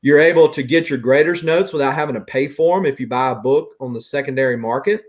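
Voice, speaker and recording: A man's voice: mid-range voice, quick pace. A man with a Southern US accent hosting a casual chat and ranting in an opinionated way. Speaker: host.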